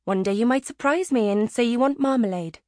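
A woman voicing a playful, fond adoptive mother with a Welsh accent, teasing gently in an audiobook. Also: on the high side, fairly quick, no echo, studio quality, natural voice. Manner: bright and teasing. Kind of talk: audiobook character reading.

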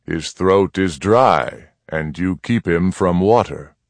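A man voicing a grave, slow-spoken Apache chief. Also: deep voice, no echo. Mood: grave, measured. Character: stern, measured older Apache chief.

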